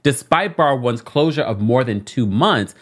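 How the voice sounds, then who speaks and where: Lively London woman reading news aloud. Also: very deep voice, unhurried. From England. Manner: animated, breaks off reading to react. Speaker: podcast co-host.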